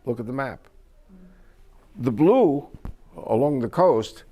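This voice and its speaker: A man's voice: mid-range voice, sing-song, unhurried, a little mellow. A man giving a lecture-style talk to an audience, telling stories emphatically and quizzing listeners with questions. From United States. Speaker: speaker to an audience.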